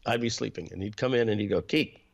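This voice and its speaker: A man being interviewed, reflectively telling family stories about his upbringing and often clearing his throat. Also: lowish voice, racing. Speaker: interview guest, internet marketer. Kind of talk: personal storytelling in an interview.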